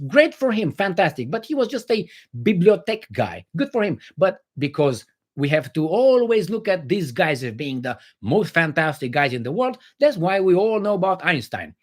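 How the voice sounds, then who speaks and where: A man hosting a livestream, reading viewer comments and giving blunt opinions in casual chat, with many fillers and restarts. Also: a little high.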